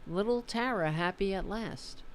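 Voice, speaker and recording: A woman's voice: medium pitch, measured pace, slight background noise. A tired woman hosting a political livestream, chatting casually and swearing as she reads the chat and signs off. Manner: informal and profane, fired-up about politics.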